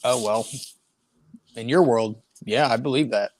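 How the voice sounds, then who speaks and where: A man's voice: mid-range voice, a little slow, darkish tone, no echo. A man who plays in a band, a guest on a casual video call, telling stories in a wry, incredulous way. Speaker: guest musician. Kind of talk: casual chat.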